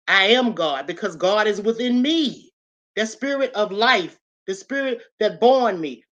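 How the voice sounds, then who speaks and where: A woman hosting a livestream, giving a casual, preachy motivational talk, emphatic and repetitive as she addresses her viewers directly. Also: medium pitch. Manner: emphatic and repetitive, talks straight to the audience.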